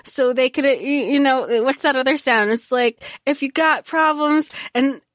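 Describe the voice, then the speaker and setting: A woman's voice: high-pitched, moderate pace, no room sound. Rambling woman podcast co-host, dry mic. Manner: rambling, many fillers and restarts, hedging. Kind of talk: casual book-review chat.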